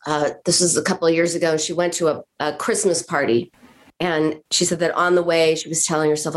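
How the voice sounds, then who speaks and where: A woman therapist speaks on a podcast in a lowish voice. She explains patiently and slips into little acted quotes of patients' self-talk. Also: steady tone, brisk. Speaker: therapist guest. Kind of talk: podcast conversation.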